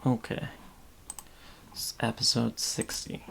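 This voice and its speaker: A man's voice: slow pace, fairly bright tone, slight background noise. A man with a Boston accent, a podcast host rambling distractedly and muttering to himself while he works on a casual livestream.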